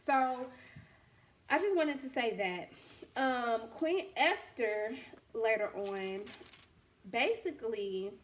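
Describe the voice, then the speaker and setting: Brief: woman host, casual slangy storyteller, slightly raised pitch, frank and conversational. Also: animated, takes it slowly, long pauses, slight background noise. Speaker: podcast host and boutique owner. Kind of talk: casual faith chat.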